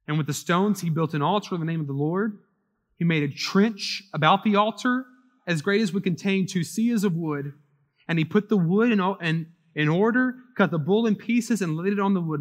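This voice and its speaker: A male pastor preaching a sermon, reading scripture aloud and explaining it, swinging between loud dramatic lines and hushed asides. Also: high voice, in a large hall.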